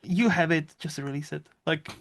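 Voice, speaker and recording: A man with a slightly higher voice hosts a laid-back movie podcast. He rambles through his thoughts, leans on fillers and swears freely. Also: normal speed. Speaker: podcast host. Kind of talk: casual movie chat.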